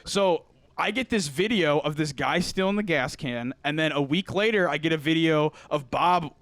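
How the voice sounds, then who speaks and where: A man's voice: a little high, moderate pace, dry recording. A young man co-hosting a podcast, telling a story in casual chat and acting out the people in it, laughing often. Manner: animated storyteller, acts out quoted voices, laughs often. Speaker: podcast co-host.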